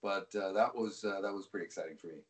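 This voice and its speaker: A man's voice: low-pitched, quick pace, roomy sound. A man who calls hockey games on air, telling a long story in an interview with many restarts. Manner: relaxed, rambling with frequent restarts. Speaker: hockey play-by-play broadcaster, guest.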